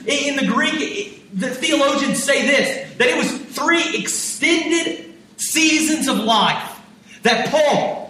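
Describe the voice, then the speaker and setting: A man's voice: extremely high pitch, pushed and bright. An American man preaching a sermon, impassioned, acting out prayers and God's reply. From United States. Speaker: pastor. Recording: echoey hall, mic from a distance.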